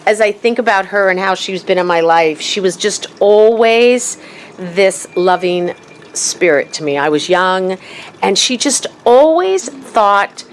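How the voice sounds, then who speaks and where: A woman's voice: medium pitch, animated, unhurried, slight background noise. A middle-aged woman giving a rambling, emotional eulogy at a memorial gathering, laughing through tears. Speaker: memorial speaker. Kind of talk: personal eulogy.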